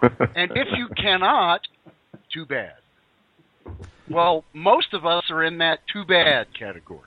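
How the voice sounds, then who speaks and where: A man's voice: fairly high pitch, sing-song, a little slow, narrow, tinny audio. A man hosting a radio chat in a folksy, affirming way.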